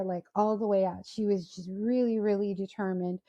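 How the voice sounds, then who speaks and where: A woman gives a career talk over a video call, telling a workplace story and lively acting out the people in it. Her voice is mellow and warm, and the call audio sounds a little dull. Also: mid-range voice, measured pace. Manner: storytelling, animated quoted voices. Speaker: speaker. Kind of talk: career talk to an online audience.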